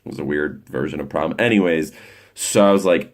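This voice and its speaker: A man's voice: deep voice, normal speed. A young man in a casual monologue, rambling and blunt, swearing often. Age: young adult. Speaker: vlogger.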